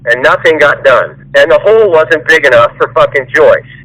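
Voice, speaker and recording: A man's voice: on the high side, normal speed, bright, forceful tone, dry recording. A man on a recorded phone call, lecturing the person who works for him in an angry, profane rant. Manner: profane, ranting, mocks the listener in whiny voices. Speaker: employer.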